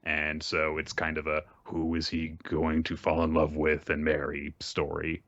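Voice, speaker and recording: A man hosting a podcast, summarizing a manga series in a rambling, measured way with lots of fillers. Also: very deep voice, completely flat delivery, a bit bright, no room sound. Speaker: podcast host. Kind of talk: casual chat and series summary. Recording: dry, dull lo-fi mic.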